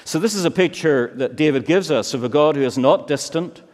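A man preaching a sermon, slow and emphatic, with many searching rhetorical questions. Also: fairly high pitch, a little mellow. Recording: long reverb of a large hall.

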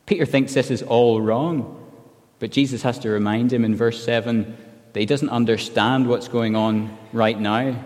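A man's voice: mid-range voice, a little mellow. A man preaching an earnest expository sermon, now and then acting out quoted lines. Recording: long hall reverb.

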